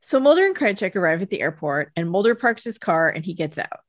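A woman's voice: fairly low pitch, very animated, fast, dry recording, clean studio sound. A woman co-hosting a podcast, recapping a TV episode in an easygoing way with wry asides and frequent laughs. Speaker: podcast co-host. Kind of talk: casual chat recapping a TV episode.

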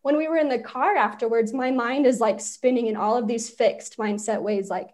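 A woman's voice: fairly high pitch, moderate pace, a little mellow. A woman from Utah, a podcast guest, telling personal stories in casual conversation and laughing often as she talks.

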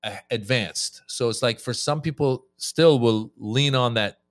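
A man's voice: medium pitch, unhurried, no echo, studio quality. A man guest on a podcast, a comedian telling stories in casual chat and acting out his exchanges with audiences. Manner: animated storyteller, acts out crowd-work exchanges.

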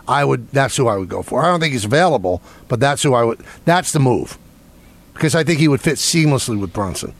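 A man's voice: mid-range voice, expressive, a little fast, creaky. A man hosting sports talk radio, opinionated and taking calls from listeners. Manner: opinionated, takes callers.

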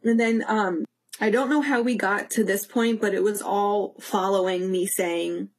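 A young woman telling a story in casual chat, animated, acting out quotes and laughing. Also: mid-range voice, moderate pace.

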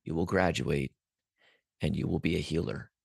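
A calm knowing woman stranger, as a man quotes her. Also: rumbling low, normal speed, gravelly, breathy edge, no room sound, studio quality, full character voice. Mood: insistent. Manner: calm, insistent.

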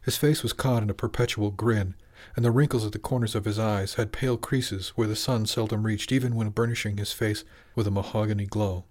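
A man reading his own novel aloud as a steady, measured audiobook narrator. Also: on the low side.

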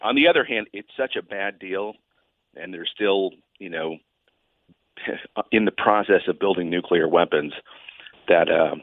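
Male policy guest over a tinny phone line, deep voice, steady explanations. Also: measured pace, long pauses, no room sound. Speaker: guest analyst. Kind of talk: phone-in interview.

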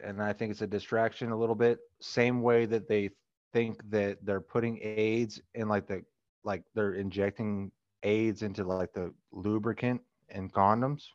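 A man's voice: lowish voice, flat delivery, moderate pace, a little mellow, dry recording. A man on a podcast, rambling through casual comedic chat with lots of "like" fillers. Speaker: podcast co-host. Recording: dull lo-fi dry sound.

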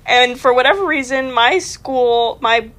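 Soft, hesitant young woman. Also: high-pitched, measured pace. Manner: soft-spoken, hesitant, with trailing fillers. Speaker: podcast co-host. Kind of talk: casual chat.

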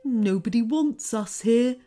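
A woman's voice: on the high side, slow, dark tone, faint music behind. Woman doing a weary sighing man. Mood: resigned. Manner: sighing, resigned. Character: weary despairing grown man.

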